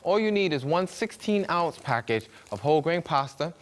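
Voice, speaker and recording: A man's voice: fairly high pitch, expressive, moderate pace. A man from Brooklyn with a Brooklyn accent, hosting a cooking demonstration in a chatty, joking way with food sizzling behind him. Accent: New York (Brooklyn). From Brooklyn, New York. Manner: chatty, jokey storyteller, acts out voices in anecdotes. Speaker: cooking show host. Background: food sizzling in a pan.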